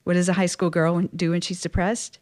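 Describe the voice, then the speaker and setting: A woman from Louisiana, a Catholic religious sister, telling her personal story as an interview guest in a chatty, expressive way full of casual fillers. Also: fairly low pitch, brisk. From Louisiana, USA.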